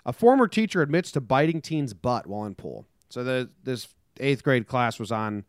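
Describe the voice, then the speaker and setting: Man, young adult, American, casual comedic podcast chat, rambling storyteller, smooth voice, dry close sound. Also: mid-range voice, expressive, normal speed, dry recording. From United States. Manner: rambling storyteller, acts out quotes in silly voices. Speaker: podcast co-host.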